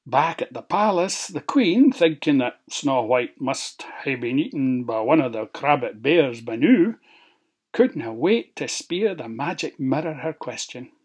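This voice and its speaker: A storyteller with a Scots accent, reading a fairy tale aloud with lively expression. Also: medium pitch, breathy edge. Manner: expressive, lilting, slow.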